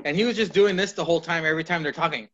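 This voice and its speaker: A man co-hosting a casual wrestling podcast, retelling scenes in an animated way and swearing freely. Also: a little high, very fast. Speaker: podcast co-host. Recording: lo-fi podcast audio.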